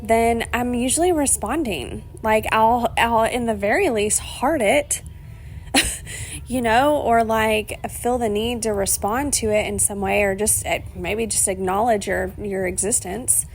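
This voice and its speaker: A woman's voice: a little high, unhurried, a little hiss or hum. Rambling, chatty woman podcaster. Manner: rambling, chatty, laughs often, swears casually. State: emotional, near tears. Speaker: podcast host. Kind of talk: rambling solo podcast monologue.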